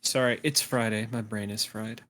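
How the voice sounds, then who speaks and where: A man's voice: on the low side, fairly even intonation, normal speed, bright, forceful tone, slight background noise. A man playing a tabletop game, chatting casually with apologetic, playful reactions. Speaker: player.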